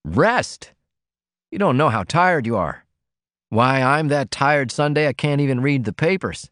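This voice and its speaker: A man voicing a worn-out, blustering male laundryman who talks in a rough, folksy drawl. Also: mid-range voice, lively intonation, measured pace, fairly bright tone, dry recording, clean studio sound, voice pushed up. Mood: weary.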